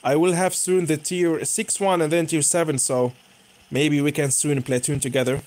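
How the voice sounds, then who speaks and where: His voice a little high and his pace moderate, a young man narrates his tank match as he plays it for YouTube. He gets excited easily, cheering and groaning in bursts as things turn.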